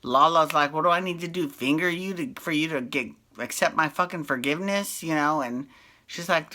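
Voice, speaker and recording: Low, bright-toned woman host, casual chatty recap, laughs and swears easily. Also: normal speed. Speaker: podcast host recapping reality TV. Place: Las Vegas.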